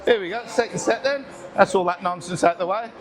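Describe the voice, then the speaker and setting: In a busy gym with music playing in the background, a man in his sixties vlogs his workout, joking and swearing casually. His voice sits high and moves fairly quickly, and he's short of breath between reps.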